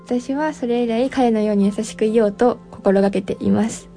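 A woman's voice: a little high, very fast, mellow, faint music behind. A woman in her twenties, a native Japanese speaker, telling a personal story hesitantly, with fillers. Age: 20s. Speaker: storyteller guest.

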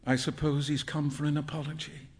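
A man voicing an earnest, easily flustered young gentleman in a storybook reading, speaking ruefully. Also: sits high, animated, normal speed.

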